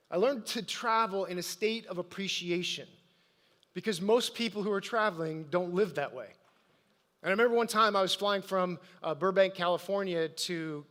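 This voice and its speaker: High-voiced man telling stories on stage. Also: fairly bright tone. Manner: storytelling with audience questions. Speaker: motivational speaker. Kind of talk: live stage talk to an audience. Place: event stage.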